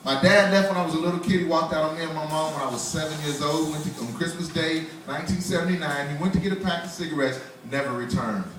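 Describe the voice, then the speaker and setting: A man's voice: fairly high pitch, fast, hardly any pauses, a bit bright, a little hiss or hum. A man in his forties doing a loose, conversational stand-up comedy set in a small bar, laughing at his own jokes. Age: 40s. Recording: roomy bar, voice from far off.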